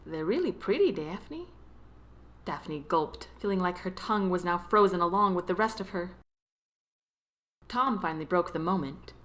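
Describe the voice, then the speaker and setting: A woman narrating a romance novel as an audiobook, with expressive storytelling. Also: lowish voice, normal speed. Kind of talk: scripted narration.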